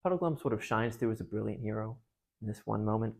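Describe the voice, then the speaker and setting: A speaker at a parish gathering retelling a story to a group in a casual, animated way. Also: medium pitch, quick pace, gravelly, slightly rough.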